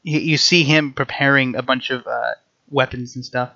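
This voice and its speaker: A man's voice: mid-range voice, steady tone, normal speed, gravelly, pushed and bright, no room sound, lo-fi sound. A man narrating a tabletop game as game master, describing scenes to the players in second person.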